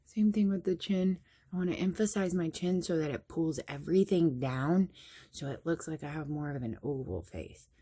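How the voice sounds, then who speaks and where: A woman's voice: low voice, expressive, normal speed, mellow, slightly rough. A woman chatting casually through a makeup tutorial, explaining each step and laughing at herself now and then. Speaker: makeup vlogger.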